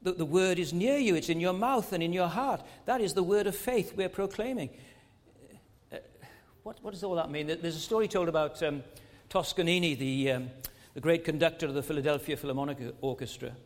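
A man's voice: a little high, brisk, big-room sound. A man preaching a sermon with emphatic delivery, rising and falling and asking his listeners many rhetorical questions.

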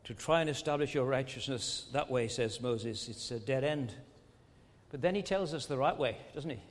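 A man's voice: medium pitch, normal speed, in a large hall. A man preaching a sermon with emphatic delivery, rising and falling and asking his listeners many rhetorical questions.

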